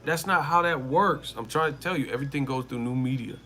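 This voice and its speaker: A man's voice: mid-range voice, a little fast, pushed and bright, a little hiss or hum. A man hosting a live boxing commentary stream, talking in a casual, slangy and emphatic way and repeating his points over and over. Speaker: boxing commentary channel host.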